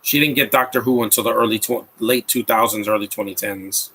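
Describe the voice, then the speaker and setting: A man's voice: lowish voice, fairly even intonation, brisk, a bit bright, breathy edge. A man in his thirties giving a rambling, mocking live commentary over a movie, with frequent restarts. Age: 30s. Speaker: film commentator.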